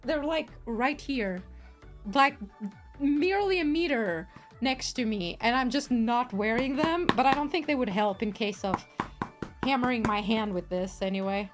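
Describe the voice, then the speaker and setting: Woman livestreamer, casual crafting chat, bouncy and animated, giggly and rambling. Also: on the high side, unhurried, faint music behind. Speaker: streamer.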